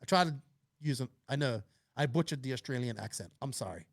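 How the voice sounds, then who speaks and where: A man's voice: mid-range voice, expressive, fairly quick. A man hosting a casual podcast, upbeat and chatty as he reads out listener questions. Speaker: podcast host.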